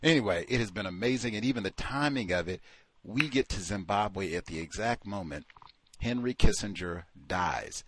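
A man's voice: fairly low pitch, breathy edge, no echo. A man hosting a call-in show, talking casually and animatedly, acting out the voices of people he quotes. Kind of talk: casual radio talk.

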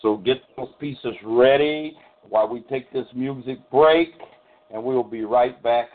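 A man's voice: mid-range voice, a little slow. Emphatic male show host on a phone line. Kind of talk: radio show hosting.

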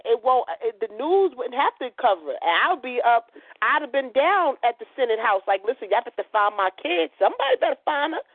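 A woman co-host argues her points emphatically, firing rhetorical questions in casual talk radio chat. Her voice is a little high, and the sound is dry and narrow, like it comes over a phone. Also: no echo.

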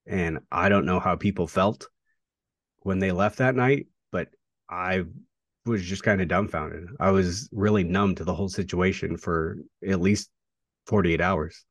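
Low-voiced, dry-sounding man wrestler. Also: dry recording. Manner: reflective, halting with fillers and restarts. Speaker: pro wrestler. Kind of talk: casual interview talk.

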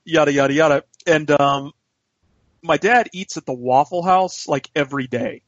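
A man, co-hosting a podcast, telling a story in an animated way and swearing freely. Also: on the high side, measured pace, dry recording. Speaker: podcast co-host. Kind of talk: casual storytelling chat. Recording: dull lo-fi podcast audio, dry.

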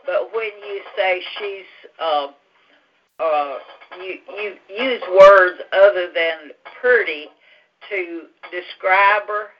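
Slow-talking woman, muffled audio. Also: lowish voice. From Louisiana. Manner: halting, gentle, full of fillers and restarts. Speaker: Bible study leader. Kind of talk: casual Bible study talk and prayer.

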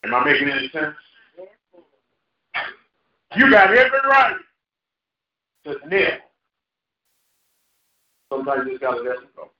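A male pastor preaching a sermon with call-and-response, laughing at times and rising into shouts. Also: fairly high pitch, very animated, measured pace, pauses often. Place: church sanctuary. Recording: echoey church hall, lo-fi. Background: congregation responding.

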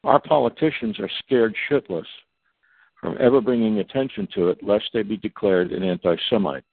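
A man's voice: lowish voice, moderate pace, husky, no echo. A man speaking as a guest on a talk radio show, in a long emphatic monologue, spelling out acronyms letter by letter. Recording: tinny phone line.

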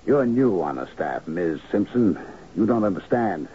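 A weary, shrewd manager. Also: male voice, sits low, lively intonation, moderate pace, warm tone. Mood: explaining. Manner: curt, explaining. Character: shrewd, weary male manager covering up killings. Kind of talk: 1970s radio drama acting. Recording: dull old radio broadcast with faint hiss.

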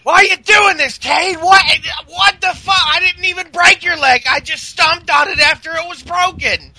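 A man doing a high, bright impression of a furious wrestling champion who shouts and curses. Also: moderate pace, full character voice. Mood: indignant. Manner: shouting, cursing, indignant.

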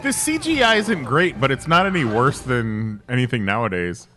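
A man co-hosting a podcast, giving casual movie commentary over the film with lively reactions and laughs. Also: mid-range voice, normal speed, a little hiss or hum. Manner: animated, laughing, swearing casually. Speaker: podcast co-host. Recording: movie audio playing behind.

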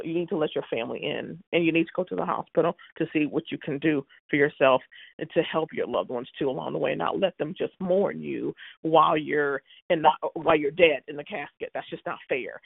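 A woman's voice: low-pitched, brisk, gravelly, breathy edge, dry recording. A woman co-hosting a casual chat, talking emphatically and with exasperation, often restarting her sentences. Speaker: podcast co-host discussing a soap opera. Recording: tinny phone-like sound.

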